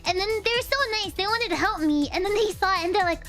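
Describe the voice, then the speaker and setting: Very high, bright-voiced giggly streamer woman. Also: quick pace, faint music behind. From United States. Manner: giggly, rambling storytelling with frequent laughs. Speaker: VTuber streamer. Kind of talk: casual chat stream.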